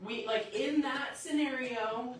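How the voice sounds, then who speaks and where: A woman preaching a sermon in a lively storytelling way, acting out the voices in her stories. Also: high voice, slow, heavy background noise. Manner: lively storytelling, acts out quotes. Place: church sanctuary. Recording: echoey church hall from a distance.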